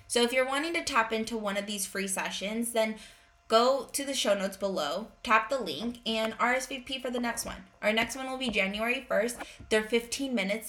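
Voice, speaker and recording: A woman's voice: fairly high pitch, sharp tone. A woman in her thirties hosting a parenting podcast, speaking earnestly and directly in a conversational monologue.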